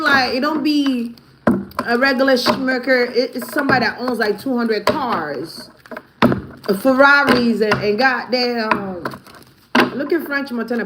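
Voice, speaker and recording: A woman's voice: on the high side, heavy background noise. A woman vlogger giving blunt, profane gossip commentary, often breaking into laughter. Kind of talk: casual commentary.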